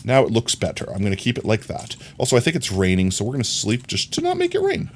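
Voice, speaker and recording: A man's voice: medium pitch, wildly swooping pitch, quick pace, a little hiss or hum. A man streaming a game, chatting casually and telling a long rambling story with many fillers. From New York. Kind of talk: casual chat while gaming.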